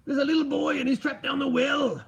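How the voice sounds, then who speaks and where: A man doing a put-on Scottish accent as a grumpy, gravelly groundskeeper with an angry inflection. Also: very high voice, little pitch movement, brisk, fairly bright tone, slight background noise, pitched above the performer's own voice, full character voice. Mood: urgent.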